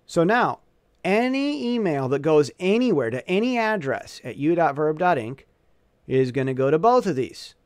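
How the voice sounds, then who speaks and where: A man giving a casual software walkthrough, thinking aloud as he clicks through, often restarting and correcting himself. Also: fairly high pitch, very animated, moderate pace, clear, resonant tone, no room sound. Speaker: tutorial presenter.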